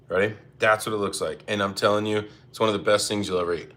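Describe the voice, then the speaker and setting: Male cooking-stream host, low voice with a bright edge, laid-back and chatty, reads chat and apologizes a lot. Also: steady tone, quick pace, slight background noise. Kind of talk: casual cooking livestream chat. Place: home kitchen.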